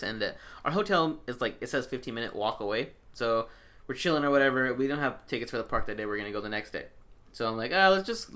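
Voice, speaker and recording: A young man tells a story among friends at a brisk clip. He is animated and swears freely, and he voices what his friends said along the way. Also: medium pitch. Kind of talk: casual storytelling chat.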